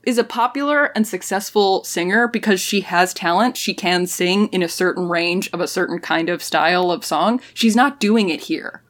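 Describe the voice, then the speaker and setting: A woman co-hosting a casual podcast chat, animated and opinionated, laughing often. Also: on the low side, moderate pace, hardly any pauses.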